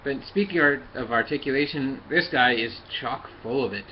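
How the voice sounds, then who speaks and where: Halting man demonstrating a toy, muffled recording. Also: medium pitch, slight background noise. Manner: halting, many fillers, talks while handling the toy. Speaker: toy reviewer. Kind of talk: casual hands-on review and demonstration.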